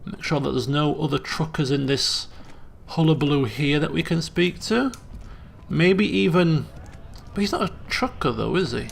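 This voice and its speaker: A man giving casual let's play commentary, talking to himself as he puzzles things out. His voice is strongly gravelly. It also sits a bit high for a man. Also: lively intonation, normal speed, slight background noise. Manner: thinks aloud, self-questioning, chatty.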